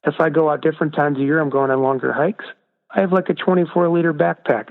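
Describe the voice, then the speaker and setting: A man's voice: on the high side, fairly even intonation, fast, gravelly. A man, a guest author, talking earnestly and emphatically in a casual interview. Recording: distant echoey phone line.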